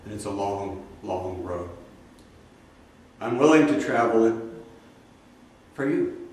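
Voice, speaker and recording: A man's voice: lowish voice, animated, takes it slowly, a little mellow. An older man giving a folksy, conversational sermon as a spiritual teacher, full of asides and rhetorical questions. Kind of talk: spoken sermon. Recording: roomy echo, speaker far from the mic.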